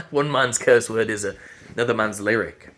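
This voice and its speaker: A man's voice: lowish voice, moderate pace, fairly bright tone, a little hiss or hum. A man, a voice teacher giving an earnest, emphatic motivational talk and repeating phrases as he thinks aloud. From Yorkshire.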